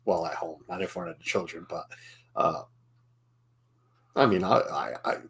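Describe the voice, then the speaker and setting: A man's voice: low voice, normal speed, vocal fry, a bit bright. A man hosting a casual live-stream chat, rambling with restarts and chuckling as he reads the chat. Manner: rambling, self-interrupting, chuckling. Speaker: stream host.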